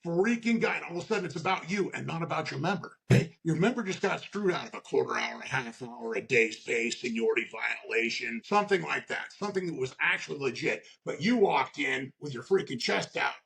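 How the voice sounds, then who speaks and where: A man's voice: medium pitch, a little fast, gravelly, hardly any pauses, fairly bright tone. A man talking as a union shop steward guest in a casual podcast conversation, blunt and profane, often tagging his points with "okay?". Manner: acts out workplace scenarios in quoted voices.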